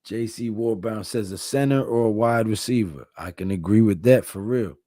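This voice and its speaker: Brief: male live-stream host, tired, laid-back, mellow dark tone, dry close sound. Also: on the low side, normal speed, dry recording. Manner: laid-back, reads chat comments aloud. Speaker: livestream host. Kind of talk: casual live-stream chat.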